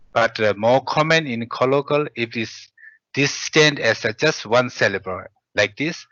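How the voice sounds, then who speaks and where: A man teaching a language lesson, reading syllables slowly with hesitant fillers. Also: mid-range voice, animated, bright, forceful tone, no room sound. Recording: dull lo-fi audio.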